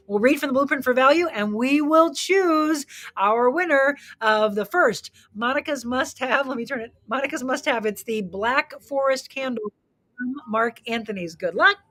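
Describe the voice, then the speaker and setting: A woman's voice: a little high, a bit bright. A woman hosting a solo live talk show, upbeat and chatty, speaking straight to her viewers and often restarting and correcting herself mid-sentence.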